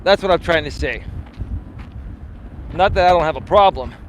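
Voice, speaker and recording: High-voiced man, boastful and teasing. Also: moderate pace, a little hiss or hum. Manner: boastful, teasing, laughs at his own jokes; swears casually. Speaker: life coach hosting a live stream. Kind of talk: casual live-stream chat.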